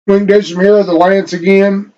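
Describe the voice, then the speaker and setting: A man's voice: sits high, level tone, fast talker, darkish tone, dull audio. A man streaming a game live, chatting casually and rambling to himself with plenty of profanity while he sets up.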